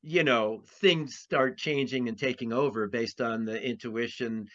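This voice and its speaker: A man's voice: medium pitch, measured pace, a bit bright. A man, an astrologer being interviewed, talks in a rambling way with many restarts and fillers. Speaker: astrologer guest. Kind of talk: conversational interview. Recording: dull lo-fi sound.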